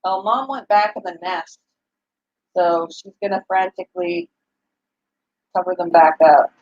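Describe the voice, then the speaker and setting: This pet-channel host talks with a slightly mellow vocal fry, medium in pitch, very animated but measured in pace. She keeps up a chatty live conversation with viewers, laughing a lot as she coos over tiny baby animals, all through dull audio.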